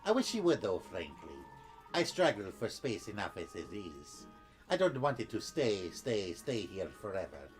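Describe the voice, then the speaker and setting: A man's voice: lowish voice, big pitch swings, moderate pace, faint music behind. A man voicing a grumbling middle-aged woman tailor who sounds put-upon.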